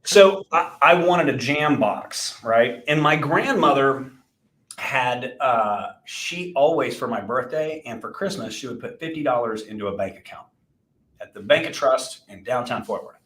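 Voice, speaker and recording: A man's voice: medium pitch, lively intonation, a little slow, a bit bright. A man in his forties, co-hosting a podcast and telling a rambling, self-deprecating story with many restarts. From Texas. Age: 40s. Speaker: podcast co-host, insurance agency owner. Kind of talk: casual chat and storytelling. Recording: roomy echo.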